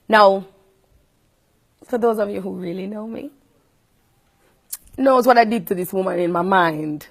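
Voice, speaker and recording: A woman with a Jamaican accent, a radio host, telling a personal story in a casual, animated way, shifting between loud indignation and quiet asides. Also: medium pitch, creaky.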